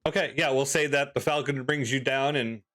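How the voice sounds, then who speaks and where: A man running a tabletop game as game master, narrating in a loose, halting way with many fillers. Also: medium pitch, fairly even intonation, a bit bright, soft background music.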